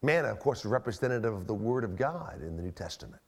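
A man preaching a sermon as pastor, reading scripture slowly and emphatically and acting out the voices of church members. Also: lowish voice, animated.

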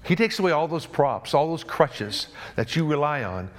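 A male pastor delivers a sermon in a somewhat high voice. He builds phrases to emphatic peaks, then sinks to low, quiet endings. He repeats key words to drive them home. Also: very animated, normal speed. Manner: emphatic preaching, voice swells then drops low and soft.

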